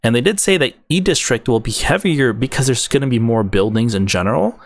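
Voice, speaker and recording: A man's voice: medium pitch, expressive, brisk. A man hosting a gaming video, breaking down game updates in an enthusiastic, rambling way with many fillers and restarts.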